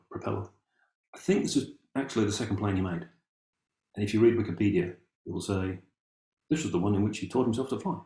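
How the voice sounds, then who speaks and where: A man's voice: on the low side, mellow, roomy sound. An Englishman giving a casual, musing talk, wry and full of ums and restarts as he reads from old documents. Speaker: amateur family historian presenting.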